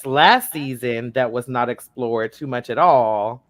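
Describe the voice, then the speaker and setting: A man on a casual group chat, explaining at length in a rambling, animated way. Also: medium pitch, unhurried. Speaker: panelist.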